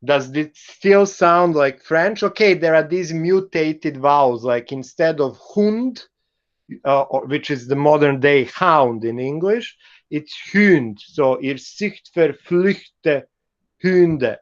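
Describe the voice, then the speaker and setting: Serbian accent guy teaching a class online, slow and halting, lots of uhs, dull lo-fi sound. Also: a little high, animated. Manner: halting, with frequent "uh" fillers. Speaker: university lecturer. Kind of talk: online university lecture.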